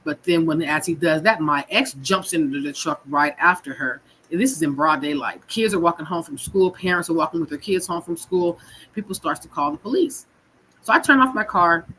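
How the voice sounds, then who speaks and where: This woman has a lowish, fairly bright voice and a brisk pace, captured on a rough recording with a little hiss or hum. She's a Californian guest sharing her own story frankly and emotionally, rawly swearing and repeating herself.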